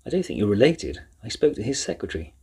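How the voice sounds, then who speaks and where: A man's voice: on the low side, very animated, a little mellow, breathy edge, heavily acted. A man doing a hearty old professor. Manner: brisk, hearty. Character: kindly, hearty older male professor.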